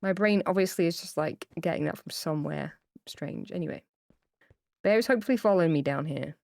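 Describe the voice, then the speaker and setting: A woman's voice: low voice, a little fast, gravelly, a little mellow, dry recording, clean studio sound. A woman live-streaming a game, talking casually to viewers in a rambling, chatty way with lots of fillers, and gushing tearfully over cute pets. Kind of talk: casual livestream chat to viewers. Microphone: streaming mic, camera off.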